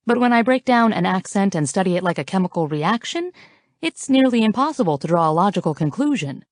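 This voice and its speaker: A woman's voice: medium pitch, very animated, brisk, dry recording, clean studio sound. A woman narrating a first-person romance audiobook in a playful, flirty, teasing way, as if recorded in a booth.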